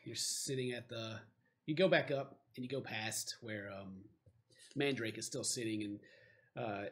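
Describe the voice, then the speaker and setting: A man's voice: mid-range voice, a bit bright. A man narrating as game master of a tabletop game, rambling with lots of fillers.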